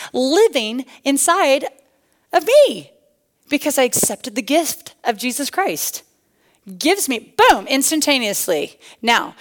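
A middle-aged woman giving a personal testimony sermon to a women's church gathering, animated and punchy, swinging between loud bursts and hushed asides. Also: fairly high pitch. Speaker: guest speaker at a women's church tea.

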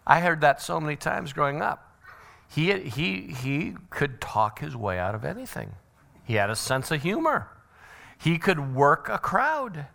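A middle-aged man teaching a church parenting seminar, his voice bright and a little high for a man. He talks in an animated, joking way and slips into quick impressions of what other people say. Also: vocal fry. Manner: animated, acts out quoted voices. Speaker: seminar speaker.

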